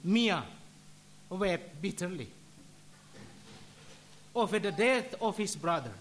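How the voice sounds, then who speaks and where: A religious brother giving a solemn sermon, telling a story and ending in prayer with measured, deliberate delivery. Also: male voice, high-pitched, expressive, fairly bright tone.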